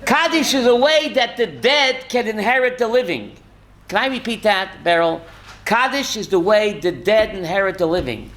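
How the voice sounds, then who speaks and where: A rabbi with a high-pitched, animated voice and a fairly bright tone teaches a Torah class at normal speed. He quizzes listeners by name and tells stories with deep feeling, mixing in Yiddish and Hebrew words.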